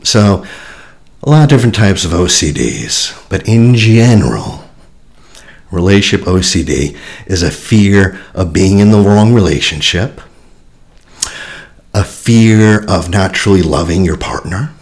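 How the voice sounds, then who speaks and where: A man's voice: deep voice, lively intonation, unhurried, vocal fry, darkish tone. A man coaching on relationships in a casual teaching monologue, reflective and conversational, often sighing and repeating himself.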